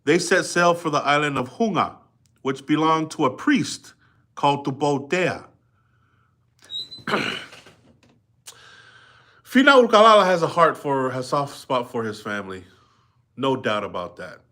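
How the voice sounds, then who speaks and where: Bright-voiced man reading aloud live. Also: a little high, animated, a little slow, long pauses. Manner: conversational, stops to explain and ask listeners. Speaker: reader and commentator. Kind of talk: live book reading with commentary.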